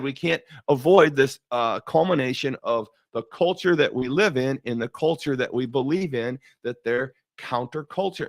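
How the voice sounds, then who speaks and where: A man hosting a faith-based talk show, telling stories in an animated way, often repeating words and laughing. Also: fairly high pitch, vocal fry, dry recording, studio quality. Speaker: show host.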